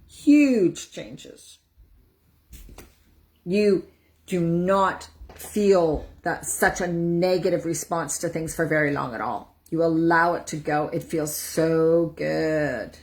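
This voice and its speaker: Woman, live-stream empowerment coach; lowish, soothing voice, breathy whoosh releases. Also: moderate pace. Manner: soothing, demonstrates breathing out with loud whooshing sighs. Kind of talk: casual live-stream teaching.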